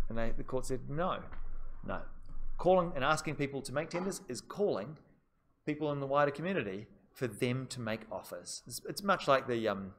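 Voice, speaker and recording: A man teaching a business law class with an easy, chatty delivery at an ordinary middle pitch. He talks straight to the students and goes back over the key points. A faint hum of room noise sits behind him. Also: expressive, moderate pace, a bit bright. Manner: chatty, conversational, repeats key points, addresses students directly. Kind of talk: live seminar lecture.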